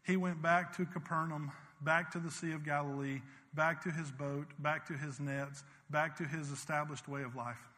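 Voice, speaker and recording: Male pastor, high bright tenor, passionate preaching that swings from loud to hushed, long hall reverb. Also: steady tone, moderate pace, few pauses. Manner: preaches with swells of intensity and hushed intimate passages. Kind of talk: sermon.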